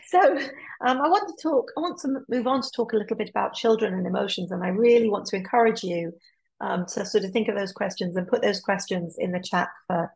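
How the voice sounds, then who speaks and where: Gravelly-voiced woman lecturing parents. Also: medium pitch, rough recording. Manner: explanatory, with acted-out example dialogues. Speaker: child psychologist giving a webinar talk.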